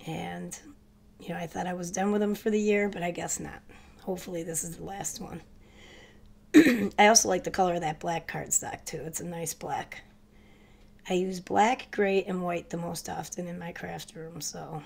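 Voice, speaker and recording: A woman with a stuffy cold voice, chatting quickly and casually to her viewers in a crafting haul video. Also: fairly low pitch, fairly even intonation, vocal fry, husky. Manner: chatty, hurried, addresses viewers directly. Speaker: crafting vlogger.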